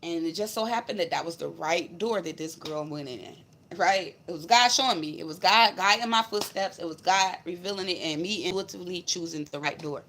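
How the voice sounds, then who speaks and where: A woman's voice: on the low side, fairly quick, fairly bright tone, slight background noise. A woman vlogger telling a personal spiritual story in a blunt, emphatic, profane way. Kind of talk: casual storytelling to camera.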